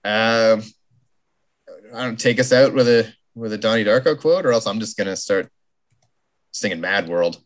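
A podcast host in casual, jokey chat, talking in quick bursts. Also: medium pitch.

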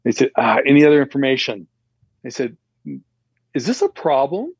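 A man telling a personal story in a casual, animated way, acting out the dialogue with raised voices. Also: mid-range voice, moderate pace, slightly rough, no room sound, lo-fi sound. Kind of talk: casual anecdote.

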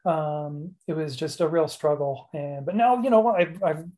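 A man's voice: fairly high pitch, moderate pace, mellow. A man hosting a podcast, talking casually in a rambling, self-mocking way and laughing often. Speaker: podcast host. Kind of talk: casual chat.

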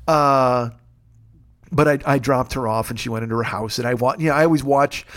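A man's voice: mid-range voice, fairly quick, a bit bright. A man hosting his own show in a casual comic monologue, rambling and profane with a wry tone. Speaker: podcast host.

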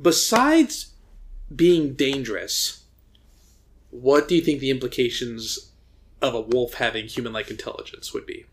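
Brief: male podcast co-host, mid-pitched, loose rambling storyteller, lots of ums and restarts. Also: expressive, unhurried, pauses often. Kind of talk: casual chat.

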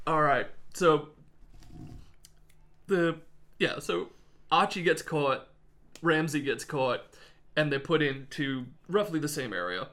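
Lively man telling a history tale. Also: on the high side, slow pace, long pauses. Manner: lively, jokey, laughs often. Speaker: podcast co-host, storyteller. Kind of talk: casual history storytelling.

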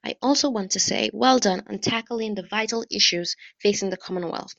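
A woman's voice: mid-range voice, brisk, gravelly, a bit bright, no room sound. A woman fan recording an earnest, encouraging message of support. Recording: dull lo-fi home recording.

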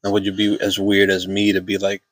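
A man's voice: low-pitched, completely flat delivery, fairly quick, breathy edge, no room sound. A man hosting a casual podcast interview, asking questions and giving short supportive prompts. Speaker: podcast host.

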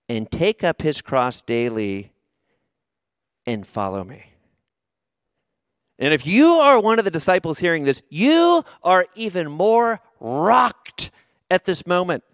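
Lively, expressive male pastor preaching. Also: high-pitched, no echo, studio quality. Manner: storytelling, conversational and expressive, with slow emphatic phrases. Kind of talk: sermon.

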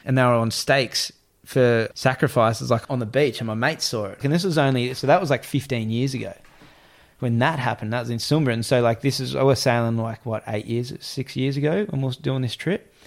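A man telling a travel story in casual chat, animated, acting out the voices of the people in it and swearing freely. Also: mid-range voice, brisk.

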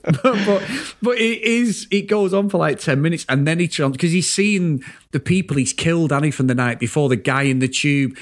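A man's voice: a little high, moderate pace. A British man co-hosting a casual film review chat, telling stories animatedly and swearing freely. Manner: animated, laughing storyteller who swears freely. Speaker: podcast co-host.

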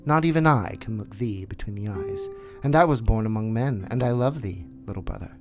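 A man voicing a wise, protective male black panther with a slow, deliberate, tender delivery in a storybook reading. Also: on the low side, over music, lightly acted. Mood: earnest.

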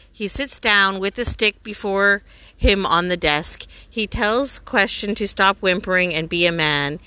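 A woman reading a story aloud with steady, measured narration. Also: mid-range voice, clear, resonant tone. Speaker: reader.

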